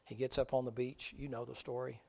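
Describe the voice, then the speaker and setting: Folksy gravelly preacher man. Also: mid-range voice, flat delivery, brisk. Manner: folksy, humorous, swings loud and quiet. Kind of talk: storytelling sermon.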